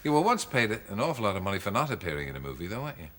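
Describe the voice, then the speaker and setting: A man hosting a chat show, asking quick questions in a teasing way. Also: lowish voice, sing-song, a bit bright. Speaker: talk show host.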